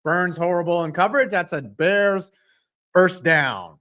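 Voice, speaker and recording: A man's voice: high voice, expressive, unhurried, sharp tone. A man giving live reaction commentary on a football game, calling plays, joking with his chat and cursing at the referees' calls.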